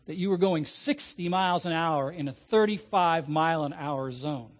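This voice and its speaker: A man's voice: a little high, voice pushed down, natural voice. A man doing a stern traffic cop. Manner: stern, measured. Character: stern, by-the-book traffic officer.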